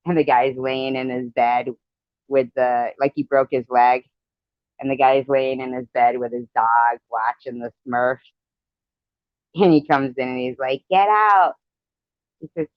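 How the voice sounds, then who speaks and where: A woman's voice: a bass voice, no echo, highs cut off. A woman hosting a live stream, chatting casually and rambling about old movies she remembers. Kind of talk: casual chat.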